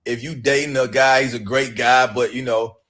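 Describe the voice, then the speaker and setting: A man's voice: medium pitch, steady tone, normal speed, a bit bright. A man giving casual commentary in a played clip, joking and laughing at his own points.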